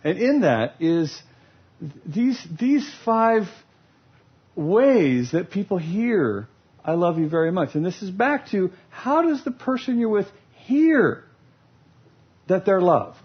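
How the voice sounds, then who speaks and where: A man's voice: sits high, sing-song, slow pace, breathy edge. A man giving a humorous teaching talk about love languages, playful and laughing as he acts out scenes. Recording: lo-fi recording.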